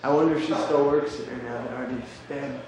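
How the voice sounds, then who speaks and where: A man's voice: mid-range voice, fairly even intonation, brisk, very echoey, very noisy. A man in casual backstage chat, loose, profane and joking.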